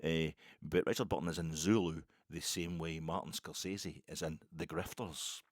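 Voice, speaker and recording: Middle-aged Scottish male podcast host, low voice, excitable rambling monologue, dry booth sound. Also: normal speed, dry recording. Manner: rambling, animated, self-interrupting. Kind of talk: casual solo podcast monologue.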